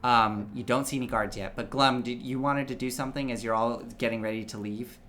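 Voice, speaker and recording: A man's voice: medium pitch, fairly even intonation, brisk, fairly bright tone, a little hiss or hum. A man running a tabletop game as game master, narrating in a casual, rambling way with many fillers.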